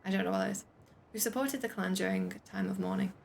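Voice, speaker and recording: A woman streams a game and chats through it, giggling and stumbling over the text she reads aloud. Her mid-pitched voice has a gravelly edge, with a faint hiss behind it. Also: steady tone, quick pace. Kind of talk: casual game commentary.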